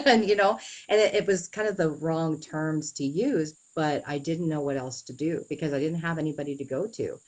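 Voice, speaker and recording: Low-voiced woman telling a painful story. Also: poor audio. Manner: earnest, halting storytelling with many "you know"s. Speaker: interviewee. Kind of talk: personal story in an interview.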